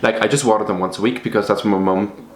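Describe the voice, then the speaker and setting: A man's voice: on the low side, fairly even intonation, fast, reverberant, a little hiss or hum. A young man chatting casually to the camera at home, rambling and poking fun at himself. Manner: chatty, self-mocking, rambling. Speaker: vlogger. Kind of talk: casual vlog chat. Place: apartment at home.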